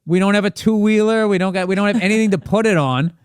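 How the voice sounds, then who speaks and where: A man's voice: high voice, fast, clear, resonant tone, no echo, clean studio sound. A comedian guest telling a long, profane story on a podcast, laughing as he goes. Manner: profane, animated, laughs through his story.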